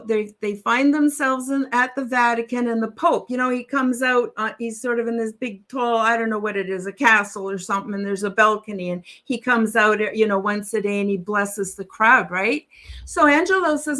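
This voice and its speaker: A woman with a high, bright voice tells a long joke over a video call. She is chatty and a little self-deprecating. She keeps the tale moving with plenty of small asides. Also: normal speed. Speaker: guest. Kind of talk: telling a joke on a live stream.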